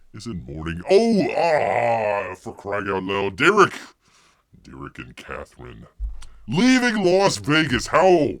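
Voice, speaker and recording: A man's voice: medium pitch, fairly bright tone, no room sound, studio quality. A man hosting a live stream in casual chat, calling himself Bear in the third person with over-the-top mock mourning.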